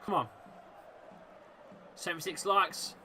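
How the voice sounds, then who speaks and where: A man hosting a live fan watchalong, commentating on the match and shouting encouragement at his team. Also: high voice, slow, a faint crowd, slight background noise. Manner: chatty, reacting and laughing at misses. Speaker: football fan watchalong host.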